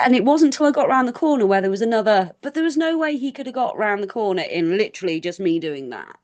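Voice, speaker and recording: A woman's voice: mid-range voice, lively intonation, fast talker, few pauses, a little mellow. A woman guest on a podcast, telling a story in a rambling, chatty way and acting out quoted lines. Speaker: guest paranormal researcher. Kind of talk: casual storytelling interview.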